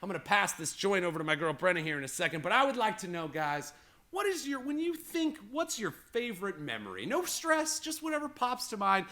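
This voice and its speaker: A man's voice: high-pitched, big pitch swings, brisk, pushed and bright. A man hosting a live tabletop game stream, talking in a rambling, heartfelt way full of fillers. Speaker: game master and show host. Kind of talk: livestream show introduction.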